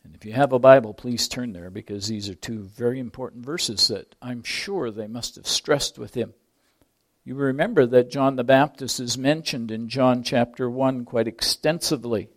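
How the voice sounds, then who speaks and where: A man preaching a sermon with slow, deliberate phrasing, dropping to near whispers and then rising to loud emphasis on key words. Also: medium pitch.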